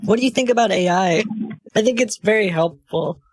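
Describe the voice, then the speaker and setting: A nervous elderly woman speaks haltingly into a voice changer, high and a bit thin. A man is putting her on through the effect. The sound is close and dry. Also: dry recording. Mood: fretful. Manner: hesitant, halting. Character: elderly woman on the phone, polite and worried. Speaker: streamer.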